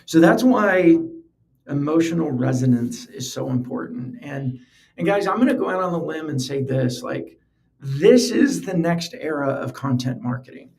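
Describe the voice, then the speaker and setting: With a slightly high, somewhat mellow voice and lively intonation at normal speed, a podcast host talks on his own in an earnest, conversational, casual way, repeating words often as he thinks.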